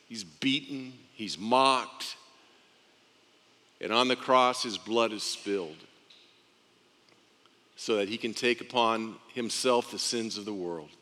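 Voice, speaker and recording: A man preaching a sermon with passion, swinging between emphatic exclamations and hushed, intense moments. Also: medium pitch. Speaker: pastor. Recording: long reverb of a large hall.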